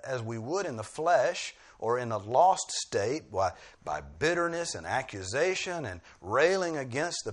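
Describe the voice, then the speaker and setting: A man's voice: mid-range voice, a bit bright. A male preacher delivering an expository sermon, pressing key phrases with emphatic bursts.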